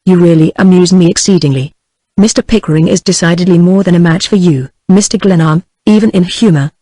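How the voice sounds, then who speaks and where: A woman's voice: fairly low pitch, brisk, no echo, lightly acted. A text-to-speech woman's voice with a British English accent, reading the lines of a cool, scornful young woman without any change of voice. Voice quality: flat synthetic delivery.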